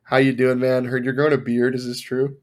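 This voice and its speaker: Young male host, casual and upbeat, mid pitch, lots of fillers. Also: little pitch movement, a little fast. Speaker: podcast host. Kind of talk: casual chat.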